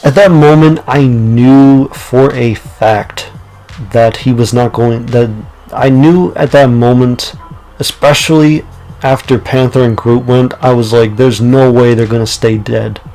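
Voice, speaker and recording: A man's voice: medium pitch, takes it slowly, dark tone, soft background music, poor audio. A young man casually retelling movie scenes in a rambling spoken review, full of ums and uhs.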